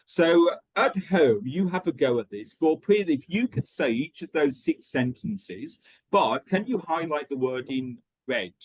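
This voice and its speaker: A man's voice: a little high, a little slow, few pauses, slightly rough, no echo. A man leading an online teacher-training lesson, checking in often with "okay" as he explains. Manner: lively, checks in with frequent "okay".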